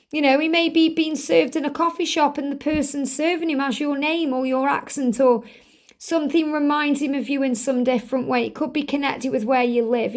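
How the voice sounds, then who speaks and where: A woman hosting a spiritual tarot card reading, speaking in an earnest, gently emphatic way and often repeating her phrases. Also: sits high. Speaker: tarot reader.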